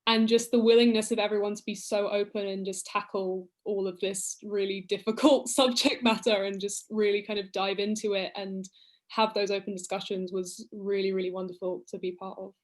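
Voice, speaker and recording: A woman's voice: medium pitch, flat delivery, fairly quick. A woman actor speaking on a video-call panel, grateful and earnest. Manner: grateful, earnest, laughs lightly. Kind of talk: casual post-show panel chat.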